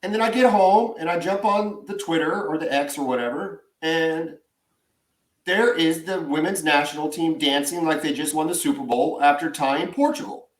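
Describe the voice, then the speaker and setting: A man's voice: a little high, moderate pace. A man, co-hosting a sports podcast and ranting with strong opinions. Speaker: podcast co-host. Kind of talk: casual sports podcast chat. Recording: echoey room.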